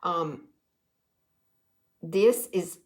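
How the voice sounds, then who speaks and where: A woman's voice: on the low side, drawn-out words, a little mellow. A woman, chatting on a livestream, tired and nervous, folksy, greeting viewers by name. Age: 60s. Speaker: direct sales livestreamer. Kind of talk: casual livestream talk to viewers. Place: quiet room.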